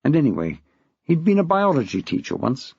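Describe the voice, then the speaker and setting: Wry male narrator, raspy and fairly high, dull dry recording. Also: wildly swooping pitch, a little fast, darkish tone, no room sound. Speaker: audiobook narrator. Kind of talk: scripted narration.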